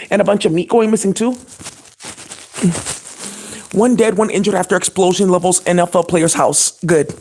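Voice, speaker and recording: With a darkish, husky tone at a typical mid pitch, the channel host delivers an indignant, profanity-laced monologue to camera. It runs long and scattered, broken up by fillers and false starts.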